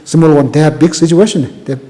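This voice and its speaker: An older man from Tibet with a Tibetan accent, whose first language is Tibetan, recounting his life in an oral history interview in halting, repetitive, broken English. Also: fairly high pitch, mellow, big-room sound. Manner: halting, repeats words, plain broken English.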